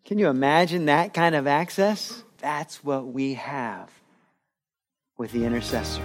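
A man's voice: medium pitch, a little slow, soft background music. A male pastor preaching a sermon in an earnest, conversational way, acting out quoted voices as he goes.

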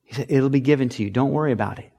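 A middle-aged man preaching a sermon, telling stories and acting out quoted voices with sudden loud, high bursts. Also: racing. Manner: storytelling, acts out loud shouting quotes. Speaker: pastor.

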